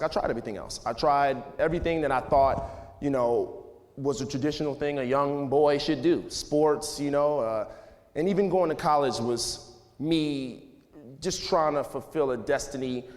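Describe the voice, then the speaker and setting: Man, thirties, casual rambling stage talk, mid-range voice, long reverb of a school auditorium. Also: medium pitch. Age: 30s. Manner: loose and conversational, heavy with "you know" and "like". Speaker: guest speaker. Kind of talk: casual talk to a live audience.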